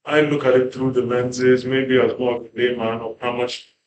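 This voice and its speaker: A man talks through his ideas on a panel, hedging and restarting as he goes. His voice has an ordinary pitch for a man. The sound is roomy, with faint ambience behind him. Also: level tone, normal speed, a little hiss or hum. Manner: thoughtful, hedging, many fillers and restarts. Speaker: panel guest. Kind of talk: conversational panel discussion.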